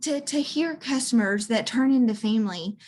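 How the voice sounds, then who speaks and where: Earnest woman with a higher voice. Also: normal speed. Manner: earnest, warm-hearted testimonial with many fillers. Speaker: guest, direct sales seller. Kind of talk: casual chat.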